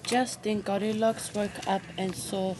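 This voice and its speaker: A woman teacher reading a storybook aloud in a clear, steady read-aloud manner. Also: mid-range voice, a little slow, noisy background.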